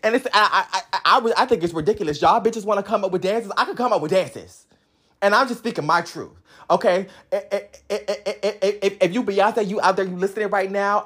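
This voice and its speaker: A woman's voice: medium pitch, a little fast, a bit bright, husky. A young adult woman in a sassy, combative comic rant, bragging profanely about being the top fan. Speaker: comedic ranting fan. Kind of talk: comedic rant to camera.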